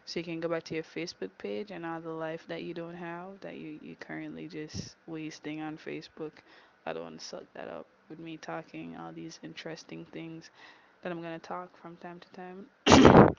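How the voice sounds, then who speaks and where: A woman talks through a casual solo podcast, sassy and teasing. Her voice carries a gravelly fry. The recording is dull and lo-fi, with a faint hiss underneath. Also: deep voice. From Jamaica. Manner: sassy, teasing, chatty with playful jabs. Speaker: podcast host.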